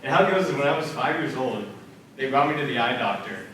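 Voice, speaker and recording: A man's voice: medium pitch, animated, fast, fairly bright tone, recorded from a distance, a little hiss or hum. Young man talking in an echoey room. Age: young adult. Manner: casual, earnest storytelling with fillers. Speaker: student speaker. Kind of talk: personal faith talk. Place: multipurpose room at a church center.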